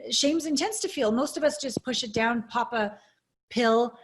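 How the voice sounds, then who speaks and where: A woman coach answering interview questions over a video call. Her voice sits a little high, and her delivery is earnest, reflective and openly emotional. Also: moderate pace, a little hiss or hum. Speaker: intimacy coach, guest. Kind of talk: interview storytelling.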